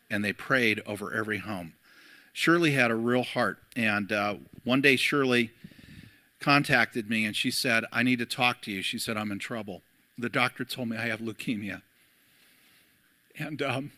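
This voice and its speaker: A man's voice: medium pitch, moderate pace, bright, forceful tone, no room sound. A middle-aged man, a pastor, preaching a sermon and telling a story to his church, with frequent fillers.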